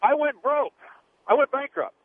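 A man's voice: extremely high pitch, expressive, moderate pace. Blunt older man on a tinny phone line. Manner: blunt, lecturing, scolding. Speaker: caller. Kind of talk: call-in radio argument.

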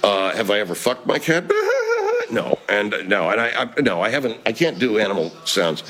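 A man's voice: lowish voice, lively intonation, moderate pace, fairly bright tone. Profane, rambling man hosting a live chat. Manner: profane, rambling, laid-back. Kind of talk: casual live-stream chat reading comments.

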